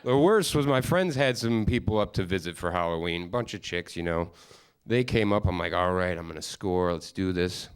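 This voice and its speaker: A young male comedian hosts a live stand-up show from a studio stage, and his voice is lowish and clean. He tells loose, self-mocking stories and lands crude punchlines. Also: expressive, moderate pace, clean tone.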